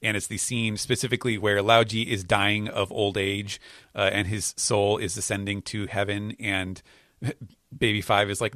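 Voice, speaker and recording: Hesitant man with a low, dry voice. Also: flat delivery, normal speed, a bit bright, no echo. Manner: hesitant, many fillers and restarts while explaining. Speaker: podcast host. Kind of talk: casual chat recapping comics.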